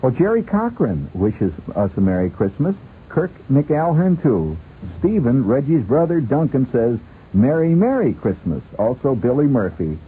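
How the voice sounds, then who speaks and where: A man's voice: mid-range voice, very animated, unhurried, breathy edge. A male radio host in a rambling, playful comic talk, laughing often, on a tinny lo-fi radio recording. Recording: tinny lo-fi radio with faint hiss.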